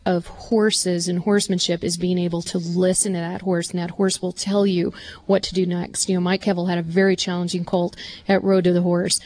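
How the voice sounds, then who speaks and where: A woman's voice: lowish voice, flat delivery, fairly quick, darkish tone. A woman horse trainer, a guest on a live show, talking earnestly and telling stories about her teachers.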